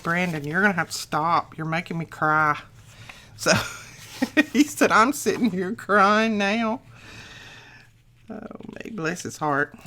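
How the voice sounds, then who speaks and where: An older woman with a low, settled voice talks her way through a crafting project at home, rambling and folksy. She thinks aloud as she works. A faint hiss sits under her voice. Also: a bit bright. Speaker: crafting channel host. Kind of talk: casual crafting tutorial chat.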